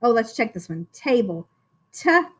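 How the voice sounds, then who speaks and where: A woman's voice: high voice, expressive, a little slow, a bit bright. A woman teaching a phonics lesson to young children, encouraging and sounding out words syllable by syllable.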